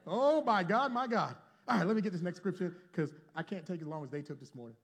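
High-voiced preacher swinging loud to hushed. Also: male voice, expressive, fast talker. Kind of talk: sermon. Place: church before a congregation.

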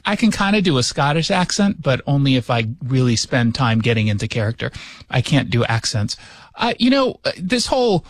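A man's voice: medium pitch, big pitch swings, brisk, no room sound. A man hosting a radio show from his studio, chatting casually with sarcastic jokes. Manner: sarcastic, joking asides. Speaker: radio host. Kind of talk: casual opinion chat.

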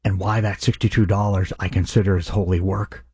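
A man's voice: sits low, flat delivery, fairly quick, dark tone, slightly rough, no echo, clean studio sound. A man hosting a radio charity appeal, speaking in an earnest, impassioned way. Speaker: radio host.

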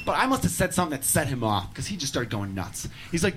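A man's voice: a little high, sing-song, fast talker, fairly bright tone, husky. A man performing a stand-up set, brash and profane, acting out both sides of a story. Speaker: stand-up comedian.

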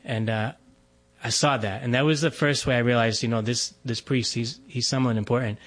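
A man's voice: medium pitch, brisk. Priest in his 40s chatting loosely, lots of ums and little laughs. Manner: relaxed storytelling, laughs often, frequent fillers. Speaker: Catholic priest. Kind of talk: conversational testimony.

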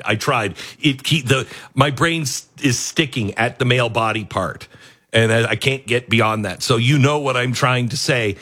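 A man hosting an opinionated news commentary, animated and sarcastic, often laughing. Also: medium pitch, no room sound. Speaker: commentary show host.

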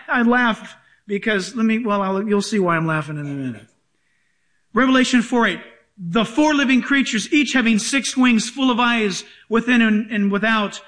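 A man's voice: high voice, expressive, normal speed, a bit bright. A male pastor preaching a sermon to a congregation, emphatic and joking with the room.

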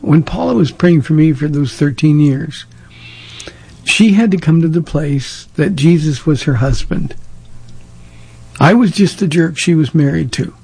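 A man's voice: fairly high pitch, unhurried, vocal fry, a little mellow, breathy edge. A man from Southern California, a pastor answering listener questions in a plain-spoken, direct way and telling stories from his life. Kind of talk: casual call-in advice talk.

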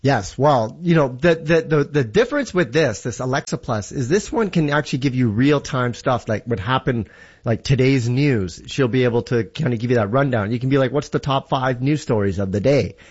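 Tech guest, man, upbeat explainer, average pitch, slightly muffled radio sound. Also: normal speed, slightly rough. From Canada. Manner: enthusiastic, explains with examples. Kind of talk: casual radio chat.

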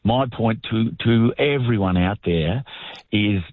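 A man's voice: fairly low pitch, no room sound. An older man, a guest in a radio interview, talking earnestly and plainly with small halts. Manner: earnest, plainspoken, slightly halting. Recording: tinny phone line.

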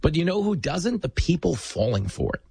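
Husky-voiced sardonic male commentator. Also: on the high side, sing-song, normal speed, dark tone, no echo. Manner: emphatic, sardonic, storytelling. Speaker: talk show host. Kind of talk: political commentary monologue.

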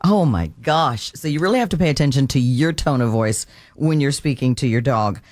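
A man's voice: medium pitch, animated, brisk, a little mellow, no echo, clean studio sound. A man hosting a talk show, chatting with a guest and telling anecdotes, laughing often. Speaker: host. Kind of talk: casual interview.

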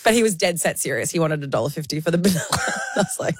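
A woman, co-hosting a podcast and telling animated stories in casual chat. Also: low voice, racing, slight background noise. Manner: animated storyteller, laughing. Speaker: podcast co-host.

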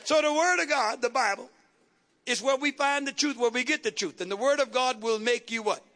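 High, bright-voiced man preaching. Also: brisk. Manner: call-and-response preaching, repetitive rhythmic phrases. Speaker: pastor. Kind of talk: sermon.

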